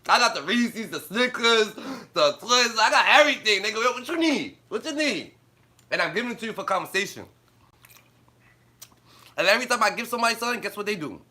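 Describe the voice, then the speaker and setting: A man's voice: sits high, expressive, a little fast, bright, forceful tone. A man ranting and telling blunt, profane stories in slang on a casual live stream, laughing often as he talks. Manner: laughs often while talking. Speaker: livestreamer.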